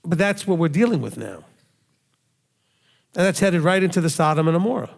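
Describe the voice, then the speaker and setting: A man's voice: fairly high pitch, lively intonation, brisk, creaky. A male rabbi giving a conversational sermon, emphatic and full of rhetorical questions he answers himself. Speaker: rabbi teacher. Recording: long hall reverb.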